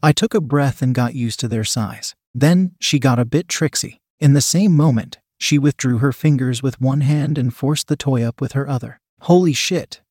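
A man reads a story aloud in a steady, even voice, close to the mic. The sound is dry, with no room around it, and his pitch sits in the middle. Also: moderate pace, hardly any pauses, slightly rough, no room sound. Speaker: story narrator. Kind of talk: scripted first-person narration.

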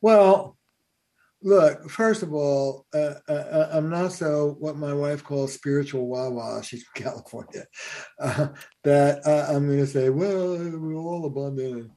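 A man's voice: a little high, unhurried. A man, a family therapist, telling stories in a podcast conversation, with lots of "uh" fillers. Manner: animated storyteller, many fillers.

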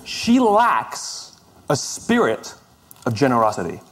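A man's voice: medium pitch, wildly swooping pitch, slow pace, fairly bright tone. A middle-aged man telling a story in a conversational, self-deprecating way, often restarting his sentences. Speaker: speaker. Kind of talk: storytelling talk.

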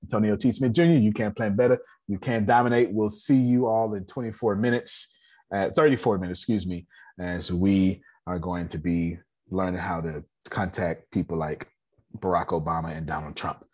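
A man's voice: low voice, fairly even intonation, moderate pace, darkish tone. A man hosting an online business meeting, giving a casual motivational talk, repeating himself and often checking that listeners understand.

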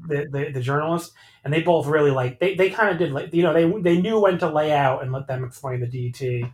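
A man hosting a podcast, recapping matches in casual chat, animated and swearing freely as he rambles through the action. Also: on the high side, quick pace, echoey room, rough recording. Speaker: podcast host.

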